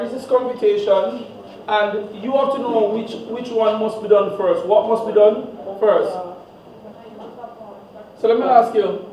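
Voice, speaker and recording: Male math teacher, high and unhurried, call-and-response style, taped at a distance in a very echoey classroom, muffled. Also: slight background noise. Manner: call-and-response questioning, fill-in-the-blank "what?" prompts. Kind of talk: classroom exam walkthrough. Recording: echoey room, distant, dull.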